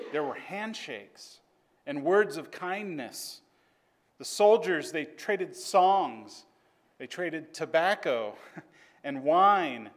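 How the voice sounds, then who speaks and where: A man telling a story to a class in an earnest, measured way. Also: a little high.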